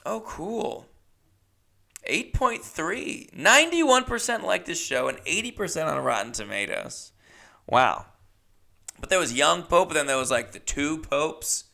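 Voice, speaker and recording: A man's voice: a little high, sing-song, a little slow, creaky, pushed and bright. A man hosting a solo podcast, rambling casually with chatty, self-mocking asides. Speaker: podcast host.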